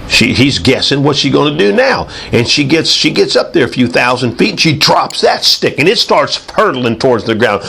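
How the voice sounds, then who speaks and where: Animated gravelly middle-aged man preaching. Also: moderate pace. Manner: animated, swooping pitch, does sound effects. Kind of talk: sermon.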